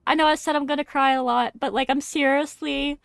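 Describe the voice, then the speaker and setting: A woman's voice: sits high, fairly even intonation, a little fast, creaky, noisy background. A woman streaming a game, gushing emotionally and reacting to every scene. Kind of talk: live gameplay reactions.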